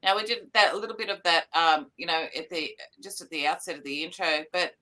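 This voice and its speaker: A woman co-hosting a live online news chat, with a bright, forceful voice. She reads headlines aloud and chats loosely, full of ums and asides, over a video call. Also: on the low side, brisk. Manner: chatty, filler-heavy, reading headlines aloud. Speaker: co-host of a live news talk show.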